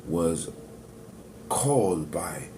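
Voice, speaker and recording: A man's voice: low voice, animated, drawn-out words, dark tone, slight background noise. A man teaching in a preachy, motivational way and speaking straight to his listeners as family. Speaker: spiritual teacher.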